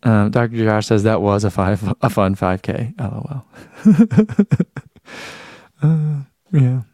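A man's voice: fairly low pitch, animated, slow, warm tone, no room sound. A man hosting a running live stream, chatting casually, reading out viewer comments and rambling with self-deprecating laughs.

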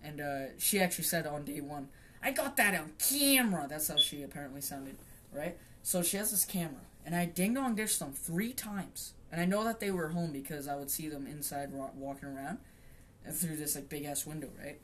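A man's voice: fairly high pitch, fairly quick, fairly bright tone, slight background noise. A young man hosting a podcast, telling a story casually in a rambling, profane way, full of fillers and restarts. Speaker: podcast host.

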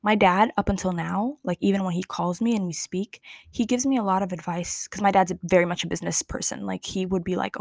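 A young woman in her twenties hosts her own podcast, talking in a candid, slangy, unhurried way and leaning hard on certain words. Her voice sits in a middle pitch range. The sound is close and dry, with no room around it. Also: fairly even intonation, vocal fry, darkish tone, dry recording. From Somali family. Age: 20s. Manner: candid, chatty, slangy, drawn-out emphasis. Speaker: podcast host. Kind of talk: casual personal monologue.

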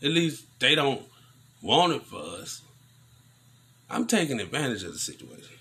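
Husky man ranting over the news. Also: medium pitch, moderate pace. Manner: preachy, animated rants with slang. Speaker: news commentary vlogger. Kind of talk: casual news commentary.

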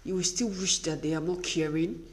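A woman's voice: lowish voice, fairly quick. Earnest woman giving a faith-based pep talk. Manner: earnest, emphatic, repetitive exhortation. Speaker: motivational speaker for wives.

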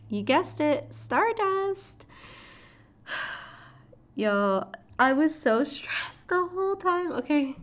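A woman's voice: mid-range voice, vocal fry, a little mellow. A woman casually recapping a show's plot, swearing freely and adding dramatic asides. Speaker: show recap vlogger.

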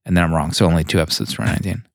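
A man's voice: low-pitched, racing, creaky, no room sound, clean studio sound. A man co-hosting a comics podcast, chatting casually and wryly about old episodes. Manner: wry, reminiscing, lots of laughs. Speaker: podcast co-host. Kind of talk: casual chat.

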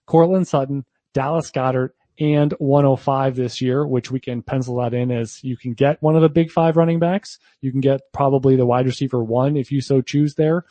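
Mellow-voiced man talking fantasy football. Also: medium pitch, steady tone, normal speed, few pauses, no echo. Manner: talkative, frequent fillers and restarts. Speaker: podcast co-host. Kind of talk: casual fantasy football discussion.

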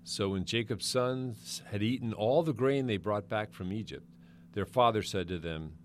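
A man giving a measured, scripted Bible reading, lending quoted speakers more emphasis. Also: lowish voice, slight background noise. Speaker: Bible reader.

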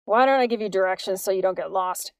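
A woman's voice: mid-range voice, fast talker, no echo, natural voice. A woman voicing a suspicious middle-aged man at a hospital front desk who asks curt, probing questions.

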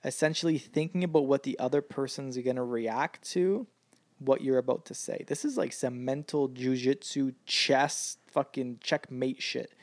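Gravelly-voiced man telling stories. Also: mid-range voice, moderate pace, no room sound. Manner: animated storyteller, swears freely. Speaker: podcast co-host. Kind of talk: casual chat.

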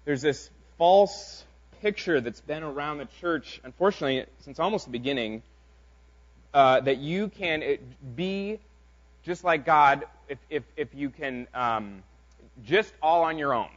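Slightly high-voiced man preaching casually. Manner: informal, halting delivery with many fillers and restarts. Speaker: pastor. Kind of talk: conversational sermon. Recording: dull lo-fi sound.

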